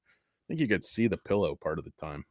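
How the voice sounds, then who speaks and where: A man's voice: low-pitched, very animated, a little fast, a little mellow, no echo, clean studio sound. A middle-aged man hosting a casual livestream, rambling and cursing as he rants and reads chat. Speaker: stock livestream host.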